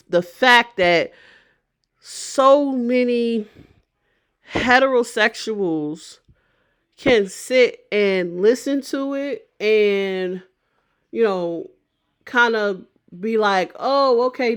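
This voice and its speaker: A woman's voice: medium pitch, clear, resonant tone. A woman vlogger giving casual opinion commentary, thinking aloud and often restarting and repeating phrases.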